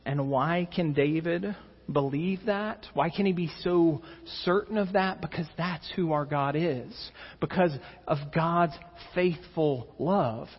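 Male pastor, slightly higher pitch, earnest sermon delivery, slow and deliberate. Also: husky. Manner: earnest preaching, rising with emphasis and dropping to soft intensity. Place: church sanctuary. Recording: dull reverberant church recording.

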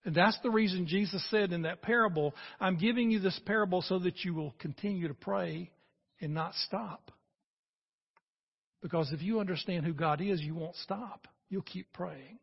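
A man's voice: high voice, normal speed, creaky, husky, lo-fi sound. A man in his sixties preaching a sermon as a pastor, talking earnestly and conversationally and building to emphatic peaks.

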